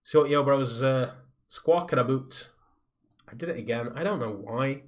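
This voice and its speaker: A man's voice: mid-range voice, moderate pace. Rambling man live streaming. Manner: rambling, reads viewer comments aloud, skims text with "blah blah". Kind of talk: casual live-stream chat. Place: home recording room with soundproofing.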